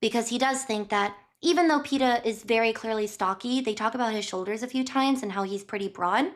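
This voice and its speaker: A woman's voice: on the high side, brisk. A woman streamer casually recapping a book while tidying her kitchen, chatty and rambling, often correcting herself. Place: home kitchen.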